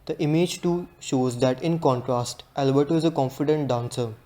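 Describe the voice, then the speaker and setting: A young man giving a read-aloud class presentation in a steady, earnest way. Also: mid-range voice, moderate pace. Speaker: student presenter.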